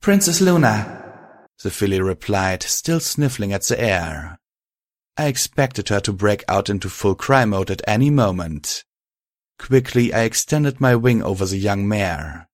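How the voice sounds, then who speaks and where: A man narrating a first-person story in a calm, even manner. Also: fairly low pitch, unhurried, no echo, clean studio sound.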